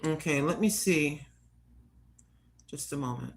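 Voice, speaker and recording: Slow-talking chatty older woman. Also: deep voice, low-quality recording. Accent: American. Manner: chatty, rambling, talks to her cat and viewers. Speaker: vlogger. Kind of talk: casual chat.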